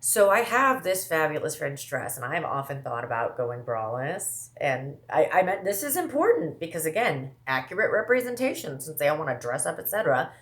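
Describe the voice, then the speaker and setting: A woman from the American Midwest talking casually to her viewers, rambling fast with lots of asides and self-interruptions. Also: sits low, big pitch swings. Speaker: vlogger. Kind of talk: casual monologue to camera.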